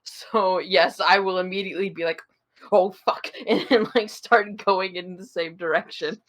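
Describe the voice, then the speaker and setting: A woman's voice: lowish voice, steady tone, moderate pace, fairly bright tone. A woman playing a tabletop game, describing her actions hesitantly, with laughing asides. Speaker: player.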